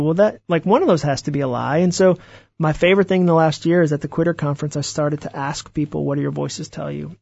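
A man, an author being interviewed, telling stories in an animated way and acting out the voices he quotes. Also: a little high, gravelly, breathy edge, no room sound, dull audio. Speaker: author guest. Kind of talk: interview conversation.

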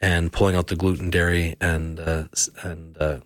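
A man working as a health practitioner on a radio talk show, explaining causes and remedies in a halting way with many fillers and restarts. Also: sits low, level tone, no room sound, clean studio sound. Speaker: health practitioner answering listener questions.

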